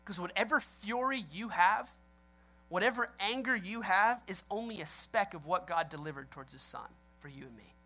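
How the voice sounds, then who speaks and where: A man preaching a sermon as pastor, telling stories in an animated way, laughing often and acting out reactions. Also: high-pitched, moderate pace.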